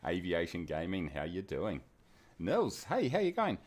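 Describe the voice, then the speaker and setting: Man, new zealand accent, low voice, swoops up high greeting viewers, jokey streamer chat. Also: huge pitch swings, unhurried, a little mellow. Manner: jokey, greets chat viewers by name with big upward swings. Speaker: flight sim livestream host. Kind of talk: casual live-stream chat.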